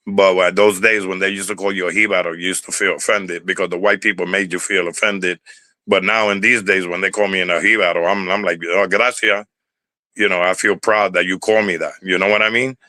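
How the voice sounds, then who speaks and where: A man's voice: low voice, little pitch movement, fairly quick, bright, forceful tone, no echo, poor audio. An older man with a New York Puerto Rican accent, telling stories in a rambling interview, repeating words and swearing freely. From Bronx, New York. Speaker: interview guest, former dancer. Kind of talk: casual storytelling interview.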